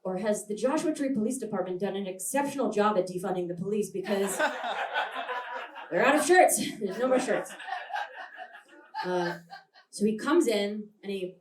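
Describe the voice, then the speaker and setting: At a live show, a young adult woman does a brash, rambling stand-up set, frequently laughing mid-line. Her medium-pitched voice is animated, moving at a moderate pace with many pauses, and her handheld stage mic is captured from afar in a roomy venue.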